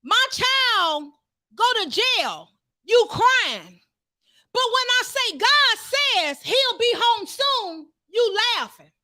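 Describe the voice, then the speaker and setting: High, bright-voiced woman preaching fervently. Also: sing-song, extremely slow, dry recording. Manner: fervent, rising to shouts, calls out to the congregation. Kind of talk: sermon.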